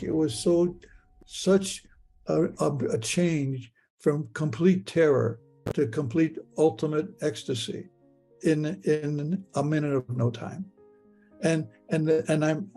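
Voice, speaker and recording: Gravelly guy recounting his own story, stammers and repeats himself a lot. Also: fairly high pitch, dark tone. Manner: halting, stammering, repeats words. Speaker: near-death experience witness. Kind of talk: first-person retelling in the present tense.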